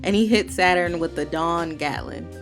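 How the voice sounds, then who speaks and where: A woman's voice: on the low side, normal speed, over music. A woman hosting a manga review, recapping the chapter in casual, slangy, opinionated talk with playful heckling asides.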